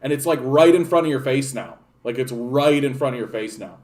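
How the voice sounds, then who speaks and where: A man's voice: mid-range voice, brisk, a little mellow. A young Canadian man ranting in a political vlog, rambling and sarcastic, with frequent swearing and restarts. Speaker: political commentator.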